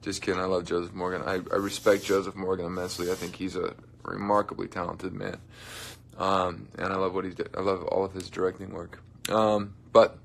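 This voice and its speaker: A man's voice: sits low, fairly even intonation, moderate pace, creaky. A young man hosting a casual livestream from his dressing room, joking and chatting with viewers in a playful way. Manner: playful, joking, drifts into soft mumbles. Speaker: livestream host. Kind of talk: casual livestream chat reading comments.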